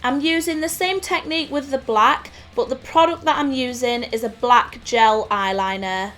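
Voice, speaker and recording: Woman, Nottingham accent, higher voice, clear step-by-step tutorial narration. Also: moderate pace, fairly bright tone. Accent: English Midlands (Nottingham). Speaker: makeup artist host. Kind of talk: scripted tutorial voice-over. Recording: voice-over with faint music.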